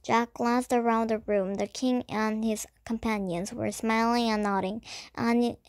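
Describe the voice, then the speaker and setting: A woman reading a children's chapter book aloud in a slow, careful way. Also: fairly high pitch, steady tone, no room sound. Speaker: storybook reader.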